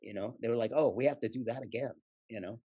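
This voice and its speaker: A man, a guest actor, talks casually in an interview and tells anecdotes in a relaxed, rambling way, laughing often. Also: mid-range voice, fast talker, slightly rough, no room sound, dull audio.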